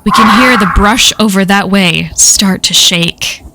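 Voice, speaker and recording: A woman's voice: medium pitch, a little slow, bright, forceful tone, raised voice, slight background noise. Woman casually reading a horror story. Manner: casual, profane first-person telling. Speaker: story reader.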